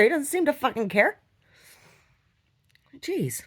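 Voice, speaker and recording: Gravelly, husky woman rambling casually. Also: on the low side, lively intonation, moderate pace. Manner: rambling and profane, with frequent restarts. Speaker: conceptual artist. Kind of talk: casual chat vlog storytelling.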